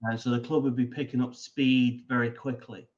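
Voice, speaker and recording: Male putting coach, mid-pitched, thoughtful explainer with frequent "um"s and restarts; slightly dull, muffled audio. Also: level tone. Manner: measured and explanatory, with many "um"s and restarts. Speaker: putting coach, interview guest. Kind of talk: explanatory interview answer.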